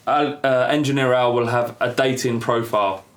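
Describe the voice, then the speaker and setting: A man's voice: mid-range voice, steady tone, moderate pace. A man hosting a casual football podcast, joking crudely and laughing often. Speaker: podcast host. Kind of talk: casual banter.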